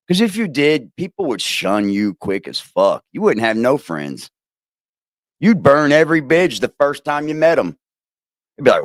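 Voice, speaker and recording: A man ranting profanely as host of a livestream, swinging from low growls to sharp highs. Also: no room sound, studio quality. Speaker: streamer host. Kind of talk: heated livestream rant.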